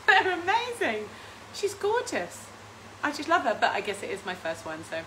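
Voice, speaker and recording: A high-voiced woman hosts a relaxed cooking stream from her home kitchen. She chats in a rambling way, laughs often and reads out viewer comments as she cooks. A faint ambient noise sits under her voice. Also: a little slow, rough recording. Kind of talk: casual live-stream chat while cooking.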